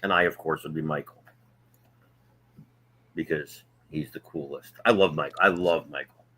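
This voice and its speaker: A man with a New Jersey accent tells rambling wrestling stories on a casual podcast. His voice sits very low and has a husky edge. He talks loosely, full of fillers and restarts. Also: steady tone, moderate pace, pushed and bright. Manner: rambling storyteller, frequent fillers. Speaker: wrestling promoter and podcast co-host. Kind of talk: casual chat.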